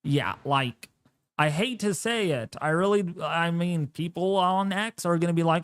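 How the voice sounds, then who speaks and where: This man's relaxed live weather broadcast is lively and playful, with plenty of exclamations. His clear voice is fairly high with a resonant tone. The audio is completely dry, without any echo or sense of a room.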